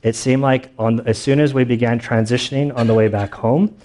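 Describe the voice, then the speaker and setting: A male pastor delivering a sermon in a relaxed, conversational way. He tells anecdotes casually and acts out the people in his stories, with a voice of middling pitch. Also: brisk. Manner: casual storytelling, animated retellings.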